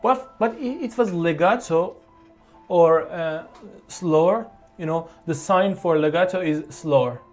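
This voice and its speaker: A piano teacher who explains a beginner piece in a slow, halting way, with frequent fillers and restarts. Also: mid-range voice. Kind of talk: online piano tutorial.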